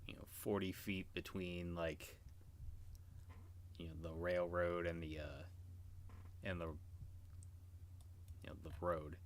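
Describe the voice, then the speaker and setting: A man's voice: deep voice, level tone, slow, pauses often, a little hiss or hum. A man narrating as game master in an online tabletop game, hesitant and full of restarts. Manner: hesitant, many restarts and fillers.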